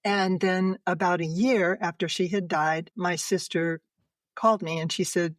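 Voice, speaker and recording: An older woman, a podcast guest, earnestly and emotionally telling a personal story, laughing softly between sentences. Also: fairly low pitch, steady tone, a little slow, dry recording.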